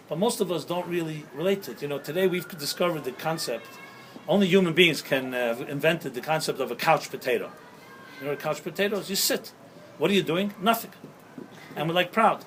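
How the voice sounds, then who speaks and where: Brief: male rabbi, sermon with anecdotes and rhetorical questions, a touch higher in pitch, faint background noise. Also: a bit bright, poor audio. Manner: storytelling with jokes and rhetorical questions. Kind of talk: sermon-style talk. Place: outdoors at sunset.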